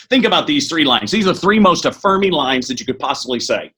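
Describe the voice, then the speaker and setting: A middle-aged man speaking as a podcast guest, giving an energetic motivational talk that is quick and full of restarts. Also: on the high side, slightly rough. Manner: energetic, fast, with many restarts.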